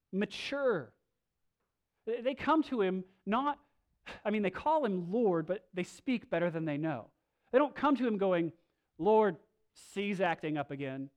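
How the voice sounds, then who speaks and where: A male pastor preaching a sermon, moving between loud, slow emphasis and soft, low asides, with casual restarts. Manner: conversational, with filler restarts.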